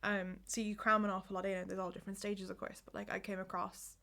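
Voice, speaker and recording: A woman's voice: medium pitch, level tone, quick pace, creaky, bright, forceful tone. A woman co-hosting a podcast, chatting casually and rambling with many "like"s and "um"s. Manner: rambling, full of "like" and "um". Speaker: podcast co-host. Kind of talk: casual chat.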